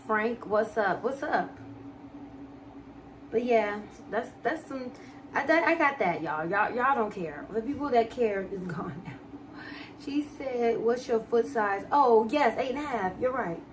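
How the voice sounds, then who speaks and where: A woman's voice: fairly high pitch, lively intonation, a little slow, slight background noise. A young American woman with a DMV accent chatting casually on a live stream, reading and answering viewers' comments as she talks. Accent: DMV (Washington, D.C. area) American. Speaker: livestreamer.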